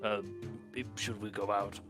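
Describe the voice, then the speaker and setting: A man playing a tabletop game speaks slowly in a bright voice. He hesitates often, circling back over his words as he plans his turn. Faint music plays under him. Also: lowish voice, monotone. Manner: hesitant, lots of ums and restarts. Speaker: player. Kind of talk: casual tabletop play.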